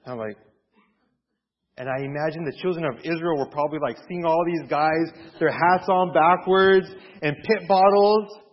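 High-voiced man preaching with animated storytelling. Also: normal speed. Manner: animated storytelling, playful asides. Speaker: pastor. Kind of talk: sermon. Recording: dull lo-fi recording.

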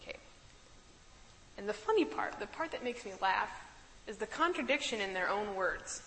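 Brief: friendly woman Bible teacher, chatty and amused, bright tone in a reverberant room. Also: mid-range voice, animated, normal speed, a little hiss or hum. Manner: chatty, laughs easily, keeps asking "right?".

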